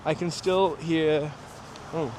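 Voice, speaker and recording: A man's voice: fairly high pitch, steady tone, slow pace. A man from New Hampshire hosting a casual walking livestream outdoors at night, rambling through nostalgic stories and talking to viewers. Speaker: livestream host. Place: outdoors on a city street at night. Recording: street traffic noise behind. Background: passing cars and city ambience.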